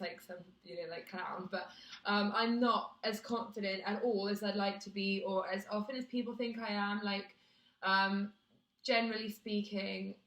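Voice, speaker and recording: A woman's voice: medium pitch, fairly bright tone. Young woman from Britain, casual vlog, self-deprecating, chatty, echoey room. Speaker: vlogger. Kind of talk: casual chat to camera.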